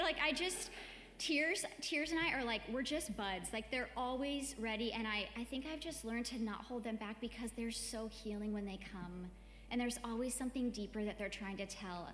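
A woman's voice: on the high side, slight background noise. A woman giving a chatty, conversational sermon to a church gathering, often saying "like". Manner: chatty, warm-hearted, peppered with "like". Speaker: church speaker. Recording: echoey hall with long reverb, faint music.

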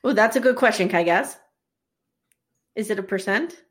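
A woman co-hosting a casual chat, recapping a story with animated storytelling and acting out the characters' lines. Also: mid-range voice, normal speed. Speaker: podcast co-host recapping episodes.

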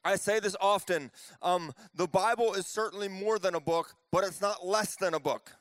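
List: man, high voice, pastor, chatty sermon, playful voices, dry close sound. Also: normal speed, no room sound. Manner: animated storytelling with playful voices. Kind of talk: casual conversational sermon.

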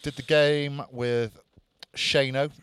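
A man's voice: medium pitch, level tone, takes it slowly, a bit bright, smooth, dry recording. A man co-hosting a podcast, teasing and bantering in casual chat. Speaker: podcast co-host.

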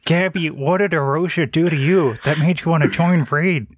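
A man doing a humble wombat farmer who talks in a slow, folksy, eager way. The recording carries clear background noise. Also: fairly high pitch, natural voice. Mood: earnest.

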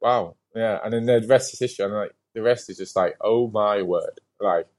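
A man chatting as a guest on an interview podcast, telling a story in a lively, casual way, with lots of "like" and the odd swear word. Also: fairly low pitch, normal speed.

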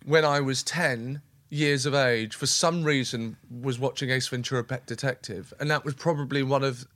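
A man chatting as a comedian guest, eager and rambling, acting out small scenes as he goes. His voice sits at an ordinary middle pitch. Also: steady tone, normal speed, fairly bright tone, no room sound. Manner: enthusiastic and rambling, acts out little scenes. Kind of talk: casual podcast interview chat.

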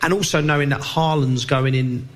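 A man's voice: medium pitch, steady tone, moderate pace, fairly bright tone. A man co-hosting a football podcast who shares his opinions in a casual way, often repeating words as he finds his point. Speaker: podcast co-host.

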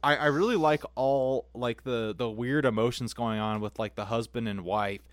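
A man's voice: medium pitch, fairly even intonation. A man co-hosting a podcast, musing about a film in casual talk and often stumbling over his opening words. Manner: halting, repeats words as he starts. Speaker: podcast co-host.

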